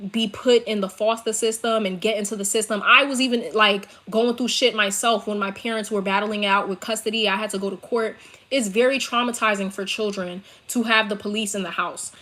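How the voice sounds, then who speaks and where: A woman's voice: on the high side, a bit bright. A young woman with a New York accent tells a story to her laptop from her bedroom, ranting in a heated, profane, emphatic way. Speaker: vlogger telling a story. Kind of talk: storytime rant to camera. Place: her bedroom, seated on bed. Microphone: laptop built-in mic.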